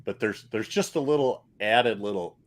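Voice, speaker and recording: A man hosting a podcast, talking in a halting casual way with many pauses. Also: fairly low pitch. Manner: halting, full of uhs. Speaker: podcast host. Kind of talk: casual chat.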